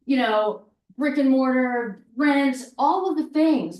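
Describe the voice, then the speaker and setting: Woman presenter, a bit high-pitched, casual and animated, miked from afar in a roomy space. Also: unhurried. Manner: chatty and animated, fond of "like" and "right?"; repeats points for emphasis. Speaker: workshop presenter. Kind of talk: casual seminar talk. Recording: echoey room, mic at a distance.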